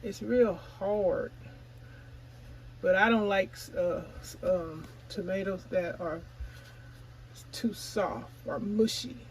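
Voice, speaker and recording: Eine Frau, die in lockerem Plauderton für ihren Gartenkanal vlogt, ihre Zuschauer direkt anspricht und manchmal beim Kauen redet. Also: female voice, mid-range voice, takes it slowly, pauses often, a little hiss or hum, low-quality recording. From California. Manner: chatty, addresses viewers as y'all; talks while chewing. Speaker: gardening vlogger. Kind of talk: casual vlog chat.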